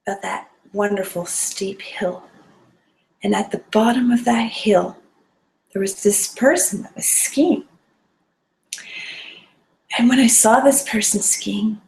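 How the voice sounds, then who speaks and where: A woman's voice: medium pitch, reverberant. A woman telling a personal story to an audience, earnest and vivid, sometimes dropping to a whisper. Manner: earnest and vivid, drops to a whisper at tense moments.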